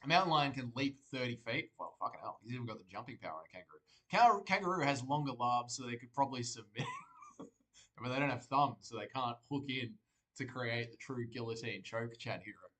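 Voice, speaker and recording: A man's voice: medium pitch, animated, brisk, fairly bright tone, rough recording. An Australian man streaming live, joking, rambling and swearing as he reads viewer comments aloud. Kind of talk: casual livestream chat.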